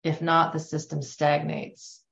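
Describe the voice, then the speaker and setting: Gravelly low woman in an echoey room. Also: completely flat delivery, unhurried, fairly bright tone. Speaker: group facilitator. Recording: echoey, dull remote audio.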